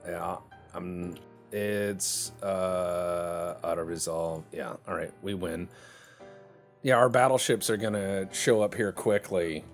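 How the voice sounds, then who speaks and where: Fields: Voice: low-pitched man, animated gameplay commentary. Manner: joking, animated play-by-play. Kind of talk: casual let's-play commentary.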